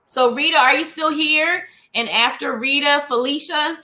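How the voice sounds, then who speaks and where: A woman's voice: high-pitched, moderate pace, pushed and bright. A chatty woman hosting a live tarot reading stream, greeting viewers by name and reading cards in a bubbly way. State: slightly winded. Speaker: psychic reader hosting a live show.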